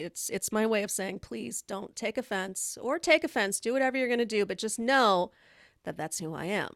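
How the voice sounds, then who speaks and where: On a live stream, a woman swaps candid stories in casual chat, her middling-pitched voice gravelly with vocal fry and a bit bright. She's blunt and quick to laugh, and the sound is dry and close with no echo.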